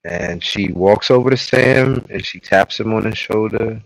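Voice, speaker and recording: A man co-hosting a podcast, recapping a TV episode in casual chat and breaking into loud, exasperated outbursts. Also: on the low side, a little slow, creaky, no echo, low-quality recording. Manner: animated, bursts into loud exasperated outcries. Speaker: podcast co-host.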